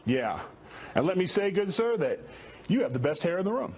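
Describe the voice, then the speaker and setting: A man's voice: high-pitched, big pitch swings, normal speed. Brash jokey man with background noise. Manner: brash, jokey, mock-serious. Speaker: talk show panelist. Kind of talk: comedy sketch bit and panel chat. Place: television studio.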